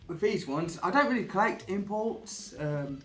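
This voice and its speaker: A man's voice: sits high, animated, moderate pace, fairly bright tone. A man chatting casually about retro games, easygoing and hesitant. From England. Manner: easygoing, hesitant, laughs often. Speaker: co-host. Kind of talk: casual chat. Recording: echoey room, faint music behind.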